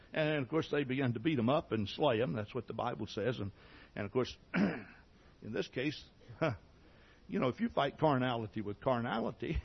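A man preaching a sermon, telling his conversion story in a folksy way, often clearing his throat and restarting sentences. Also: medium pitch, muffled recording. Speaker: pastor. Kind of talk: sermon testimony.

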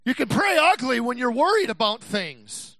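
A male pastor preaching a sermon, swinging from shouted passages to quiet, slow, emphatic stretches. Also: very high voice, very animated, gravelly, dry recording. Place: church.

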